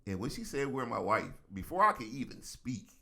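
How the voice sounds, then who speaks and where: A middle-aged man, a reverend co-hosting a talk show, telling stories in a casual, animated way with frequent laughs. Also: medium pitch, brisk, gravelly. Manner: animated storyteller, laughs often, acts out voices. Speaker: co-host, reverend. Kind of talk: casual chat.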